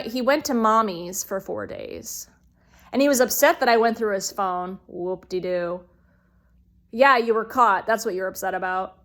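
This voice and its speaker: A woman speaking bluntly to her viewers in a personal vlog, swearing freely and dropping to a hush at low points. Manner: talks straight to viewers. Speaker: vlogger.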